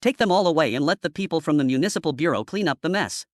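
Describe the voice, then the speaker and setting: A man's voice: on the high side, lively intonation, fast talker, no room sound, studio quality, natural voice. A man voicing a cold, cocky young male cop hero, speaking curtly and dismissively.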